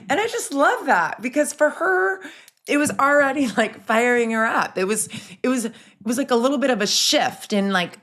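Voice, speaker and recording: A woman's voice: fairly high pitch, animated, normal speed, a bit bright. A middle-aged woman hosting a solo podcast, chatting in an upbeat, rambling way with many restarts and asides. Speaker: podcast host.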